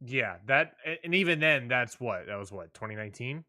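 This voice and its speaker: A man's voice: medium pitch, animated, a little fast, sharp tone, no room sound, studio quality. A man hosting a casual wrestling podcast, joking and steering the conversation along. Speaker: podcast host.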